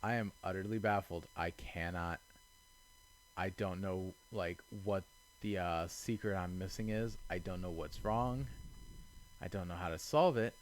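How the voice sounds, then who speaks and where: A young man giving casual let's-play commentary, exasperated and self-mocking, swinging between quiet mutters and loud outbursts. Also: deep voice, measured pace, a little hiss or hum. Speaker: gaming channel host.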